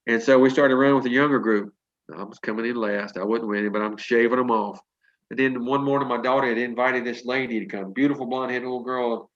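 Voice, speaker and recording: A man's voice: mid-range voice, fairly even intonation, quick pace. Man in his 60s, motivational pep talk, emphatic and preachy, folksy, muffled video call audio. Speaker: motivational speaker for a sales team.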